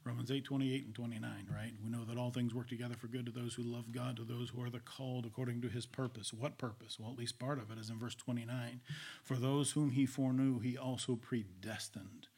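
Husky-voiced male preacher telling stories. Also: mid-range voice, flat delivery, fast talker, hardly any pauses. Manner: storytelling, swings between loud and whispered. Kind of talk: sermon.

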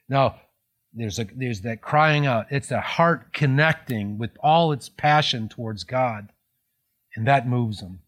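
A middle-aged man preaching a sermon as a pastor, in a conversational way with many fillers and restarts. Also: mid-range voice.

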